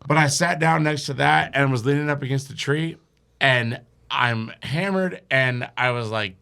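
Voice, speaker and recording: A man's voice: medium pitch, normal speed, creaky, pushed and bright, smooth. A man telling a rambling, profane story as a guest on a podcast, laughing along as he goes. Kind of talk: casual storytelling.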